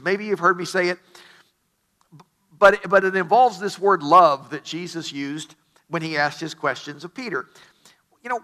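A man's voice: sits high, pushed and bright. A middle-aged man preaching a sermon as pastor, telling the story with enthusiasm and stammered restarts.

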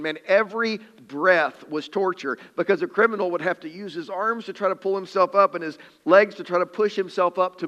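A man's voice: on the high side, sharp tone. Earnest preaching man in a reverberant hall. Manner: earnest, emphatic preaching with dramatic scripture reading. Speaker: pastor. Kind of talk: sermon.

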